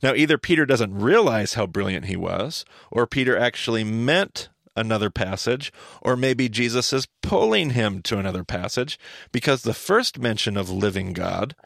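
A man hosting a podcast, teaching scripture in a casual, animated back-and-forth with his co-host. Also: medium pitch, moderate pace, vocal fry, dry recording, studio quality. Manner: animated, thinks aloud, asks his co-host questions.

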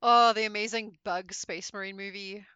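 A woman in casual chat as a podcast co-host, animated and laughing, with some swearing. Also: medium pitch, moderate pace, clear, resonant tone, dry recording, dull audio.

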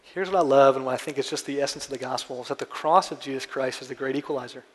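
Earnest pastor in an echoey church. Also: male voice, medium pitch, racing. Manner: conversational, earnest storytelling. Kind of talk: sermon.

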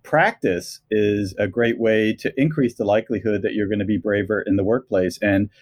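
Measured low-voiced male podcast host. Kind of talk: interview questions.

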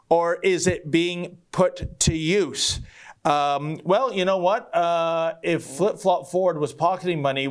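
Guy hosting a live stream, reads chats, jokey and wry, kinda higher voice. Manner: wry, joking, theatrical emphasis. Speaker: show host reading viewer chats. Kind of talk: casual live-stream talk.

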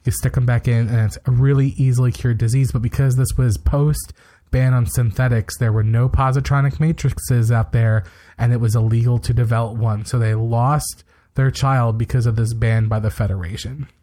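A man co-hosting a podcast, retelling events in a brisk, opinionated, casual way with quick asides. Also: mid-range voice, level tone, dark tone. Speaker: podcast co-host. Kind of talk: casual recap chat.

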